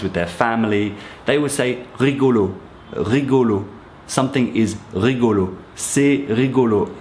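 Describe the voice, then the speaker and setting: A man with a fairly low voice explains everyday French expressions, friendly and encouraging as he talks straight to his viewers. His voice bounces around an echoey room. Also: slight background noise. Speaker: French teacher. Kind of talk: casual explanatory teaching.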